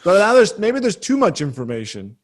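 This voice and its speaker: High-pitched and a bit quick, this man's voice swings dramatically up and down as he co-hosts a casual podcast. Raising the stories, he meanders hesitantly, with frequent restarts and bursts of laughter.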